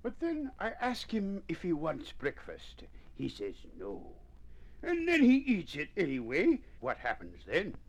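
A man voicing a fretful female mother mouse in a storybook reading, fussy and high-pitched. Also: huge pitch swings, unhurried, exaggerated voice. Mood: fussing.

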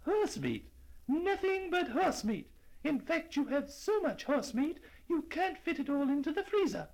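A man voicing an old, hard-of-hearing woman who is sharp and suspicious, in a storybook reading. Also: extremely high pitch, animated, measured pace, voice pushed up. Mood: triumphant.

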